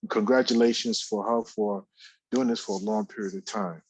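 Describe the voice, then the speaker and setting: A man's voice: lowish voice, fairly even intonation, moderate pace, breathy edge, no echo, low-quality recording. A man co-hosting a live talk show, speaking in a rambling way with many fillers and repeated phrases. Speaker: radio show co-host. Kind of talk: casual talk radio commentary. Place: office.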